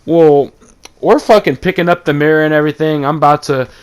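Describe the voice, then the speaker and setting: A man's voice: on the high side, steady tone, fairly quick, clean tone. A man from East Texas, telling a rambling, profane story about his own life. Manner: rambling, swears a lot, acts out quotes.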